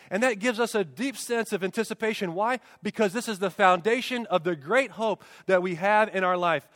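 A man with a high-pitched voice preaches a sermon. He is emphatic, throws out rhetorical questions and leans on repeated refrains. His voice carries a long reverb from a large church hall. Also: moderate pace, hardly any pauses, a bit bright, studio quality. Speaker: pastor.

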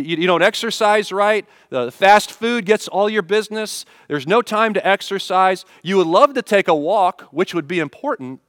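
A man preaching a sermon, asking rhetorical questions and acting out everyday complaints, animated one moment and hushed the next. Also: sits high, no room sound, clean studio sound. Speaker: pastor.

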